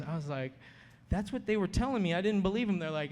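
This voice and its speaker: A man giving an animated personal testimony, storytelling and acting out the voices of people he quotes. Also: high-pitched, fairly quick. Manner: storytelling, acts out quoted voices, laughs often. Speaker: speaker sharing his testimony. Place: conference hall. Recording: long hall reverb.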